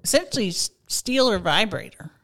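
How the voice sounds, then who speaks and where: A woman's voice: mid-range voice, moderate pace, vocal fry. Teasing, playful woman co-host. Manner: teasing, playful, deadpan jabs. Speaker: podcast co-host. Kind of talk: casual comedic chat. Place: rented house in California.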